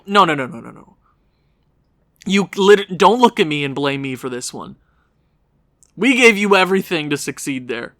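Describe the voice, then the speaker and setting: A man commentating his own hockey video game session, swinging into frustrated yelling at his goalie. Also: fairly high pitch, expressive, normal speed, pauses often, soft background music. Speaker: gaming YouTuber.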